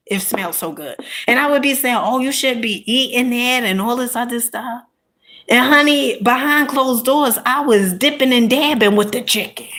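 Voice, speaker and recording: Animated woman telling stories, higher voice. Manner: animated, emphatic, peppered with "honey" and "okay?". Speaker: content creator. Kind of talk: casual storytelling monologue.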